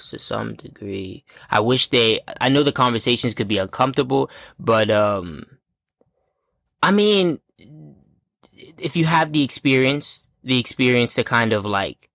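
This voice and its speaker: A young man co-hosting a podcast in relaxed, rambling chat, calling people "bro". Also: medium pitch, a little slow, creaky, dry recording. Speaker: podcast co-host. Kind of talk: casual chat.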